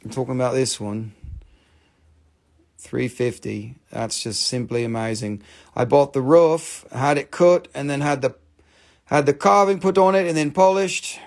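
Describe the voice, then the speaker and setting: A man's voice: mid-range voice, steady tone, unhurried, vocal fry, a little mellow. A man hosting a live stream, selling crystals in casual, joking sales patter full of swearing. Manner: chatty, profane and joking.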